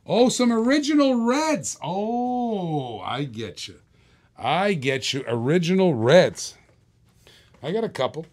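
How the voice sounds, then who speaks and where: A man's voice: fairly high pitch, vocal fry. A man hosting a live-stream toy car auction, calling bids and joking with viewers in chatty auctioneer patter.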